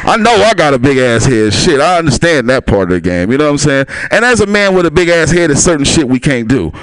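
A man's voice: a little high, big pitch swings, fast talker, fairly bright tone, dry recording. A man working a stand-up set on a small club stage, his voice swinging up and down as he chuckles through his lines. He keeps talking to the crowd in a loose, easy way. The sound is dry and close on a handheld mic. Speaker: stand-up comic.

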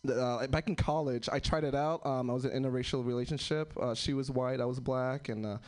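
A man's voice: mid-range voice, steady tone, fairly quick, darkish tone. A man doing a stand-up comedy set, with a self-described unusual-sounding voice, acting out the people in his stories. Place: live comedy venue with audience.

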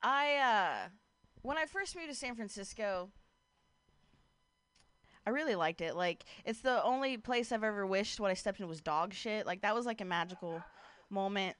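A woman's voice: mid-range voice, expressive, normal speed, long pauses, fairly bright tone, smooth, dry recording. A young woman doing a casual stand-up set outdoors on a street corner, chatting with passers-by and laughing between jokes. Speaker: stand-up comic.

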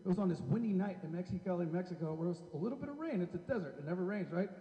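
A man's voice: high voice, expressive, rapid-fire, lo-fi sound. A man doing a stand-up comedy set on a club stage, brash and profane as he teases the crowd. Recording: echoey hall.

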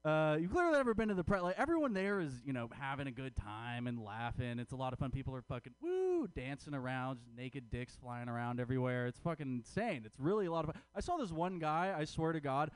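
A man's voice: mid-range voice, very animated, fast, few pauses, clean tone, no echo. A man doing a crude, self-mocking stand-up comedy set at a comedy club open mic.

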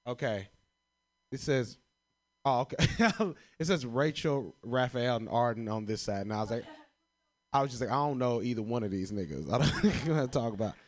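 Profane, laughing stand-up comic. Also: male voice, mid-range voice, expressive, normal speed. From Chicago. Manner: profane, laughing at his own jokes. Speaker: stand-up comedian. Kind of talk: stand-up comedy answering prompts.

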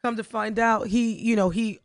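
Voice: mid-range voice, steady tone, normal speed, dry recording, studio quality. A podcast co-host chatting casually, rambling with lots of fillers and restarts. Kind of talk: casual chat.

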